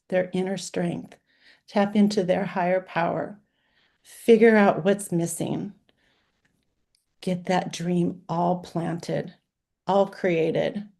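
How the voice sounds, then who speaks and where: A woman in her sixties, a life coach, gives an earnest, emotional, heartfelt talk in list-like phrases. Her voice is on the low side, gravelly, and a little mellow.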